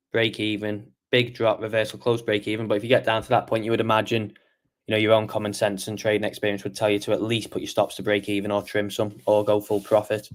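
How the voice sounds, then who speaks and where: Tired man reviewing trading charts. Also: lowish voice. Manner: relaxed, answers chat questions while reviewing charts. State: tired, yawning. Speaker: trading show host. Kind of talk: casual market review livestream.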